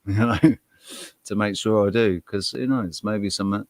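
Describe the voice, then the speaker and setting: A man's voice: lowish voice, steady tone, moderate pace, no room sound. A man with a Wirral Scouse accent, chatting casually as a podcast co-host, rambling and swearing freely. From Wirral, England. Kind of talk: casual chat.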